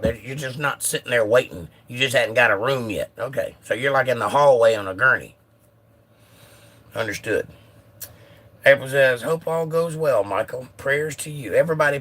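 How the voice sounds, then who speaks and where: An American man hosts a casual livestream from his phone, chatting and jokingly reading viewer comments aloud. His mid-range voice sounds pushed and bright.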